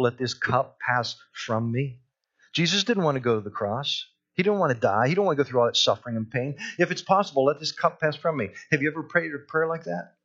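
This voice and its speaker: A man's voice: mid-range voice, fairly bright tone, lo-fi sound. A man preaching a sermon, earnest, who repeats his key phrases and rises into urgent pleas. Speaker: pastor.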